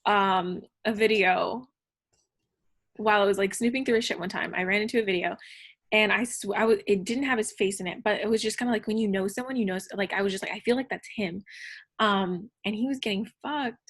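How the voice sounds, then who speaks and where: A woman's voice: mid-range voice, a little fast. Young woman telling a candid, profane story. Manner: candid, profane, many fillers. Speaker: podcast guest. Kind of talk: casual storytelling chat.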